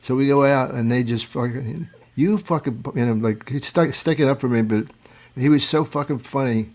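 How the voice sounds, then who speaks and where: A man's voice: mid-range voice, normal speed, a little mellow. Blunt, profane older man telling stories. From Philadelphia. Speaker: host. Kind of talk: casual chat, storytelling.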